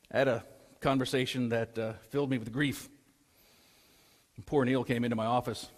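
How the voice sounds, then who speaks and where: A man preaching a sermon and telling a story. His voice swings between loud, urgent pleas and hushed, quiet lines. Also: medium pitch. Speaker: pastor. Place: church sanctuary. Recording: long church hall reverb.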